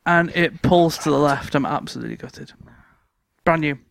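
A man's voice: a little high, normal speed, creaky. A man co-hosting a casual podcast, telling stories and laughing often as he talks. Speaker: podcast co-host. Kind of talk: casual chat, storytelling.

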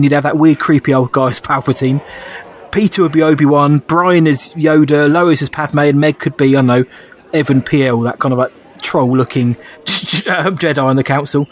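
A man's voice: fairly high pitch, normal speed. A man co-hosting a podcast in casual, enthusiastic chat, often laughing. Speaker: podcast co-host.

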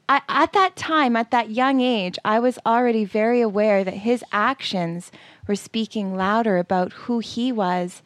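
The recording is dry, and the woman speaking, a podcast co-host in her forties, has a fairly high pitch and an unhurried pace. She tells a personal story casually, animatedly acting out quotes, with fillers throughout.

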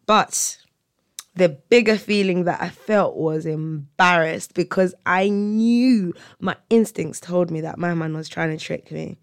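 Solo podcast host, comic storytelling, animated, frequent laughter, dry close sound, hotel room. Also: mid-range voice, unhurried, smooth, dry recording.

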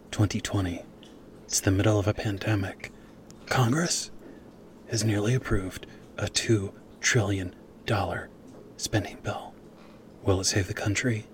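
Hushed serious news podcast guy a man does an impression, slow dramatic delivery, quiet and measured. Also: lowish voice, slight background noise, close to an everyday voice. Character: soft-spoken male news podcast host, solemn.

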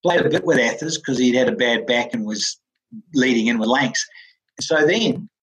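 A former cricketer from New Zealand with a New Zealand accent, telling animated stories as an interview guest, laughing often and acting out the voices of others. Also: male voice, medium pitch, normal speed, poor audio. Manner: lively, laughs often, acts out quoted voices. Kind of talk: animated storytelling.

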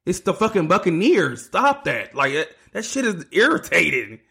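A man's voice: high-pitched, sing-song, moderate pace, gravelly, a bit bright, breathy edge. A man hosting a solo sports podcast, ranting casually with lots of swearing and restarts. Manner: ranting, profane, restarts a lot. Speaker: podcast host.

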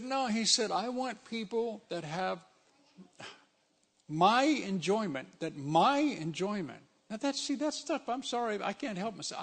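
A man preaching a sermon in a loose, conversational way, driving his points home with emphasis. His voice sits high and has a gravelly rasp. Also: a bit bright.

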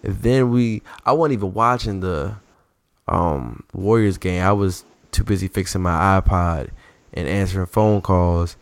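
A man with a low, unhurried voice co-hosts a podcast, chatting casually about sports. He tells stories in an animated, slangy way, and there's no echo.

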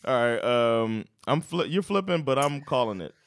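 A man chatting casually about sports, relaxed and loose, often cursing and laughing. His pitch moves a lot as he talks. The sound is dry and close. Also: normal speed, no echo. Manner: laid-back, swearing, laughs a lot. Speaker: podcast co-host.

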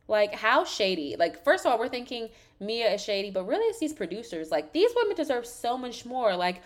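A woman hosting a podcast, recapping a reality show in casual chat, sassy and animated, swearing freely and saying "like" constantly. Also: on the high side, moderate pace.

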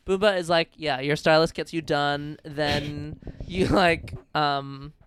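Casual podcast chat: woman with a smooth, clear voice and dry close sound, giggly and riffing. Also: low-pitched, fairly even intonation, slow, dry recording. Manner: giggly, riffing, trails off with ums.

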